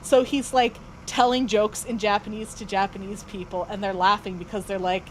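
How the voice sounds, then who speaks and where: A woman's voice: mid-range voice, little pitch movement, moderate pace, few pauses, soft background music, rough recording. Chatty woman streamer, rambling. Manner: rambling, many fillers and restarts. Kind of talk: casual chat while gaming.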